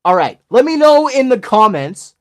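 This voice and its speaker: A man's voice: very high voice, very animated, moderate pace. A man in his forties from Alberta with an Albertan Canadian accent, hosting his channel and chatting jokily with viewers while opening card packs. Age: 40s. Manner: jokey, chatty, addresses viewers.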